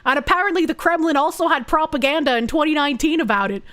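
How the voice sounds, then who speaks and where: A woman's voice: high-pitched, fast talker, fairly bright tone. A young woman streaming from home, reacting to videos and reading chat aloud. She talks bluntly and casually, swears freely and laughs often.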